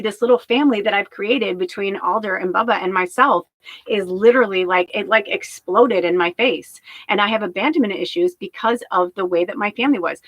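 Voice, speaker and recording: A woman's voice: mid-range voice, fairly bright tone, no echo, rough recording. A woman talking candidly on a livestream, rambling and emotional, swearing freely. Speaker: spiritual medium streamer.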